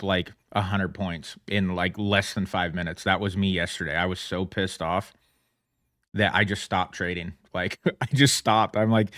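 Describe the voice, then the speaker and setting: A man's voice: low-pitched, a bit bright, no room sound, studio quality. A man chatting casually on a trading livestream, rambling and self-mocking, laughing often as he talks. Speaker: livestream trader.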